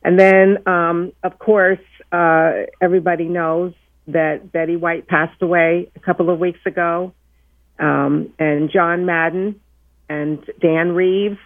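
A woman's voice: on the low side, fairly even intonation, takes it slowly, dry recording, narrow, tinny audio. A woman co-hosting a radio show, chatting with some hesitations. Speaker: co-host and executive producer. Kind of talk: casual radio talk.

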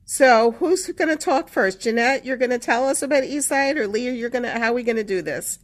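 A woman's voice: on the high side, fairly quick. A woman hosting a call-in radio talk show. She chats casually, rambles and laughs often, and sounds a little winded and out of breath. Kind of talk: casual on-air chat.

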